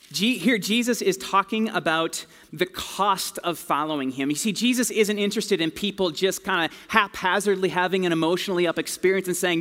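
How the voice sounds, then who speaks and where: A man's voice: high voice, normal speed, a bit bright. A man preaching a sermon in a casual, conversational storytelling way, full of slang. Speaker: pastor. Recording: long hall reverb.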